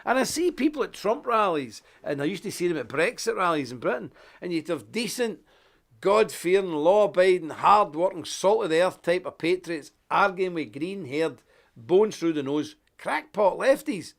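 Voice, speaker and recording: A man's voice: sits high, moderate pace. Ranting man, under the weather. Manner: animated, ranting, folksy. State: unwell with a stuffy, inflamed nose. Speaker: guest presenter of a live online show. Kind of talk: live broadcast chat and rant.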